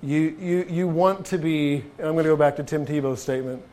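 A man's voice: on the high side, fairly quick, darkish tone, slight background noise. A man preaching a sermon as a pastor in a conversational way, often restarting his phrases and asking the listeners rhetorical questions. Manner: frequent restarts and repeated words.

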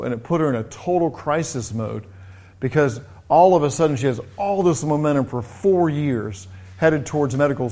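This is a middle-aged man with a voice in an ordinary middle register. He talks through personal stories with an easy, lively delivery. He often restarts his phrases as he goes. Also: mid-range voice. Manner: conversational, lively retelling with frequent restarts. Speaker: speaker who runs a coaching business. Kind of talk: personal storytelling talk.

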